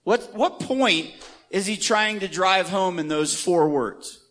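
A man leads a Bible study in a church room, speaking in an unhurried, conversational way. He keeps stopping to ask the group questions and leans on key words for emphasis. The recording is close and dry. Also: high-pitched, fairly bright tone, no room sound. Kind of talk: interactive church teaching.

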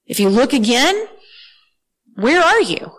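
A woman preaching a sermon with earnest, animated delivery, often repeating words as she reads scripture aloud. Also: high voice, takes it slowly, rough recording.

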